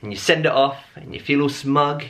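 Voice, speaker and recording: Casting: male vlogger, thirties, bright forceful tone, chatty and self-deprecating. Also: a little high, fairly quick. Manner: rambling, self-mocking, chatty with many fillers. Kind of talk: casual chat to camera. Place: at home.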